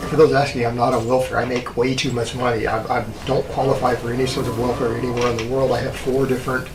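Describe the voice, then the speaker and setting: A man's voice: medium pitch, fast. A Texan man rambling bluntly and defiantly in a casual vlog monologue while he works at a hobby. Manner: blunt, defiant, talks while hand-loading ammo. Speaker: vlogger. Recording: steady background noise.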